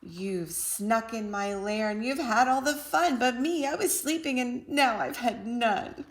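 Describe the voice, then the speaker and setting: A woman's voice: a little high, animated, measured pace. Woman doing a grumpy sulking big bear. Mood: grumbling. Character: big grumpy male bear, sulky when woken.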